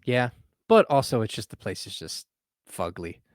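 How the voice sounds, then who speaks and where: A man hosting a sports podcast in casual chat, animated and laughing often. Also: lowish voice, normal speed, dry recording, clean studio sound. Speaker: podcast host.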